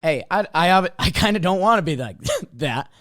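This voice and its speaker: A man co-hosting a sports podcast, talking casually in halting bursts and laughing as he speaks. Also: high voice, expressive, fairly bright tone, no room sound, studio quality. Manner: halting, self-interrupting, laughs through lines. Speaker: podcast co-host.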